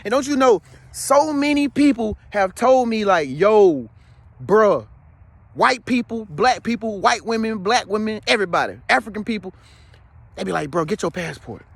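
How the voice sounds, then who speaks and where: A man with a notably high voice talks straight to his viewers in a loose, slangy monologue. He is emphatic and rambling, and keeps checking in with his listener. The sound is close and dry. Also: normal speed, creaky, a bit bright, no echo. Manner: slangy, streetwise. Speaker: spiritual vlogger. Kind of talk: casual monologue to camera.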